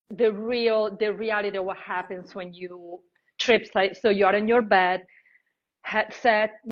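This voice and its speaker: A woman interviewer with an Italian accent, asking questions in a lively, halting way with frequent restarts. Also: mid-range voice, highs cut off. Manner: animated, halting, many restarts and "like" fillers. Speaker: interviewer, host. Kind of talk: casual interview chat.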